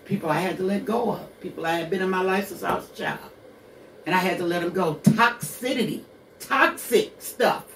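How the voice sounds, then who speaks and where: A woman's voice: fairly low pitch, normal speed, fairly bright tone, roomy sound, distant mic, slight background noise. Blunt, profane woman in her sixties. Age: 60s. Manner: blunt, profane, preacherly, with rhetorical questions. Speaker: radio show host. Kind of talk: candid personal monologue.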